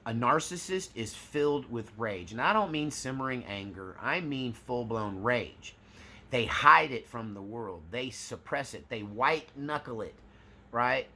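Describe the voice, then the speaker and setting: A man's voice: mid-range voice, expressive, unhurried, bright, forceful tone. A man hosting his own channel, talking casually and acting out examples as he explains. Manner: conversational, acts out examples. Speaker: channel host. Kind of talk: casual talk to camera.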